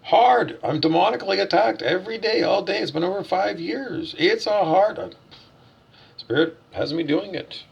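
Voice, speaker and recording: A man with a husky, gravelly voice rants like a preacher in a vlog, firing questions at himself and answering them bluntly, swearing freely. His voice sits slightly high for a man. The recording sounds dull and muffled. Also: expressive, moderate pace. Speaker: self-styled spiritual teacher. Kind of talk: ranting vlog monologue.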